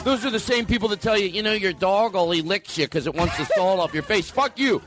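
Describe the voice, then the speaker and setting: A man's voice: high-pitched, quick pace, a bit bright, soft background music. A middle-aged man hosting a comedy podcast, telling rambling, profane, self-mocking stories. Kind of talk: rambling comic monologue.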